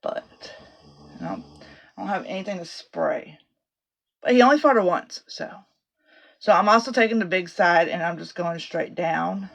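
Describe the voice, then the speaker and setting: A woman's voice: on the low side, animated, a little slow, creaky, pauses often, a bit bright. A middle-aged woman chatting casually through a makeup tutorial from a small home office closet. She rambles and swears freely. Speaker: makeup vlogger.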